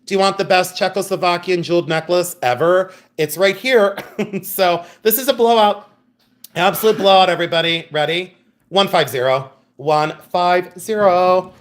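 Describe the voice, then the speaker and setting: A man with a high-sitting voice hosts a live-stream jewelry sale at a normal speed. Chatty and laughing often, he tells bawdy stories and greets chat viewers by name in casual sales talk.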